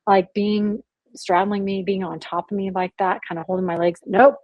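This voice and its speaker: A married adult woman with children, a guest on a podcast, speaks candidly and earnestly in a casual, conversational way, saying "like" a lot. She is an abuse survivor and author, with a medium-pitched, level voice at a moderate pace, in a dry, lo-fi recording.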